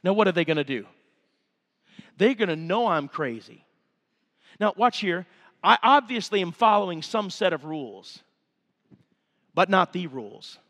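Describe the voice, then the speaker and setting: Male revival preacher, high-pitched, emphatic storyteller, church hall reverb. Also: very animated, a little slow, pauses often, fairly bright tone. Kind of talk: revival sermon. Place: church sanctuary.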